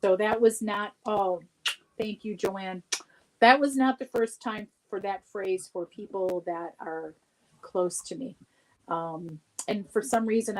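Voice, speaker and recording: A woman's voice: mid-range voice, rough recording. A woman chatting as a guest on a livestream, telling stories with frequent laughter. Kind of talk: casual livestream chat.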